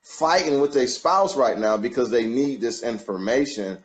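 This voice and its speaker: Guy giving a pep talk on a live stream, emphatic, mid pitched. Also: expressive, normal speed. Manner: emphatic, encouraging, builds to a passionate peak. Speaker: guest.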